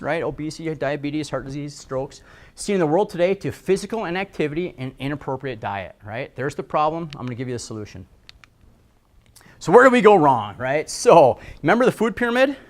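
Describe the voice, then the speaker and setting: A middle-aged man gives a casual presentation to a live audience. His fairly high voice swings up and down a lot, and he keeps checking in with the room for agreement. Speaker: health speaker.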